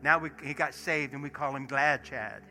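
A man, a pastor preaching in church and acting out stories, swinging from hushed asides to loud bursts. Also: medium pitch, moderate pace. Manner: animated storyteller, acts out dialogue, swings from hushed to shouting. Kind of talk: sermon with storytelling. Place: church sanctuary. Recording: music playing behind sermon. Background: soft worship music.

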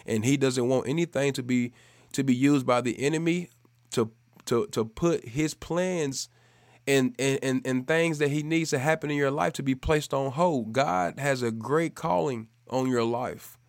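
A man's voice: mid-range voice, unhurried, dry recording, clean studio sound. A man in his thirties preaching a sermon, earnest, repeating phrases and building to fervent exhortation.

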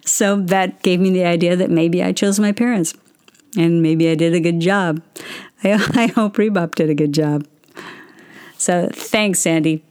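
A woman's voice: fairly low pitch, unhurried, a little mellow. A middle-aged woman casually chatting and telling stories to viewers, answering their questions. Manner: chatty, storytelling, self-interrupting. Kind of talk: casual livestream chat.

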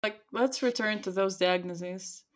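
A young woman in a relaxed conversation. She talks in long, winding stories full of "like," and she keeps slipping into the voices of the people she describes. Her voice sits at an ordinary middle pitch. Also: measured pace, slight background noise. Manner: animated storyteller, acts out quoted voices, many likes. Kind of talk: casual chat.

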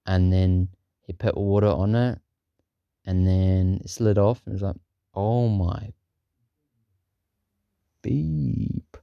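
A man's voice: sits low, little pitch movement, moderate pace, clear, resonant tone, dry recording, highs cut off. A man casually improvising a silly story for his podcast, rambling with many fillers and chuckling at his own jokes.

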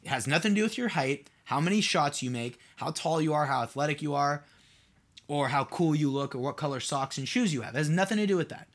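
A podcast host and mentor speaks quickly and animatedly in a voice that's a little high. Alone on his show, he wanders through a casual monologue, posing rhetorical questions to his audience and using plenty of "like"s.

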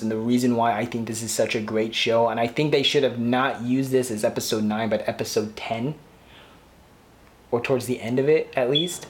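A podcast host talks through a TV show on his own, in a rambling, gushing and heartfelt casual review. His voice is medium in pitch, with a slight hiss or hum in the background.

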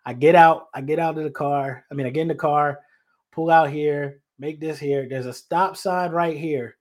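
A man's voice: fairly high pitch, steady tone, normal speed. A man from North Carolina, a podcast host telling a story in a loose, slangy way with many asides to his listeners, out on location. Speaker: podcast host and life coach. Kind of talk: casual storytelling. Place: out on location in his childhood neighborhood.

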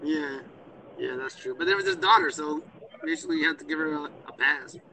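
A man in casual chat, excitable and cursing freely. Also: fairly high pitch, a little fast, vocal fry. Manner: excitable, cursing, laughing often. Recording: tinny phone line, distant from the mic, faint hiss.

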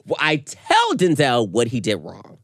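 A man co-hosting a podcast, arguing animatedly with a friend and retelling their fights in a lively, swooping voice. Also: a little slow, no room sound. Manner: animated, interrupts, retells arguments with big pitch swings. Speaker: podcast co-host. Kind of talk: heated casual chat.

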